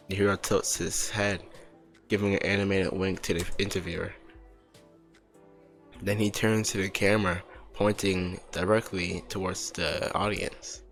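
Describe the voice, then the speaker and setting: A man reading a story aloud in a relaxed, unpolished way, correcting himself and adding asides. His voice sits on the low side. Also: unhurried, soft background music. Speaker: story reader.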